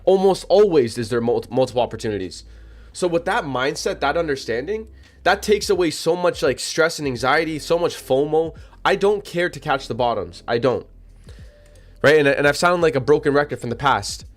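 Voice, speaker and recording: A man with a fairly high, expressive voice talks at a normal speed while hosting a live trading stream. He chats casually and directly with his viewers in slang, repeating himself and hiccuping now and then.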